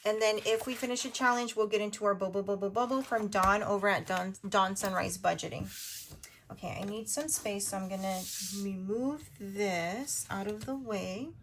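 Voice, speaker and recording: A woman in her thirties hosting a budgeting video, chatting casually while she counts cash out loud. Her voice is going a little hoarse. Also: medium pitch, fairly even intonation, slight background noise. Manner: chatty, counts money out loud, quick asides.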